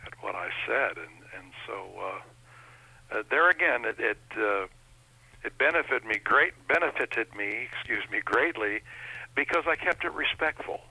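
A man's voice: medium pitch, animated, unhurried, bright, forceful tone, slightly rough, no room sound, poor audio. A man being interviewed as an impressionist, telling stories in a chatty, folksy way. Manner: chatty anecdotal storyteller, folksy. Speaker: impressionist guest. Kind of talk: interview chat.

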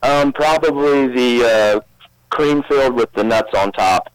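A man calling in to a radio show, modest and a little hesitant, with pauses and fillers. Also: medium pitch, clear, resonant tone, poor audio. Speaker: caller.

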